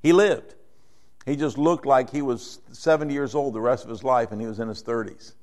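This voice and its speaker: A middle-aged man preaching a sermon in a conversational way, growing animated as he acts out the people in his story. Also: mid-range voice, brisk. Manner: conversational, rising to animated when voicing characters. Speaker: pastor.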